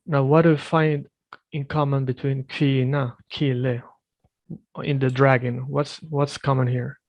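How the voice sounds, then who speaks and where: A man teaching a one-on-one language lesson, correcting firmly and repeating words slowly for his student. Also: mid-range voice, flat delivery, a little mellow, no echo. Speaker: Swedish teacher.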